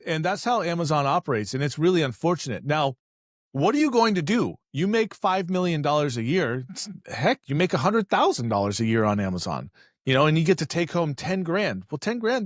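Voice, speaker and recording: A man chatting on a business podcast as an e-commerce expert, telling animated stories and acting out voices with joking asides. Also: fairly high pitch, brisk, no echo, studio quality. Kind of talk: casual podcast conversation.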